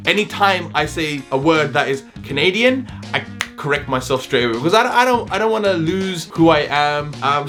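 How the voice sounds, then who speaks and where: A man with a London accent talking casually to camera in a vlog, chatty and given to loud whooping exclamations. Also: mid-range voice. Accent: London English. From London, England. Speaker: vlogger.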